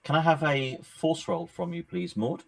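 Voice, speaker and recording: A man running a horror tabletop game as game master, narrating scenes in a measured, descriptive way with pauses. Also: fairly high pitch, fairly even intonation, creaky.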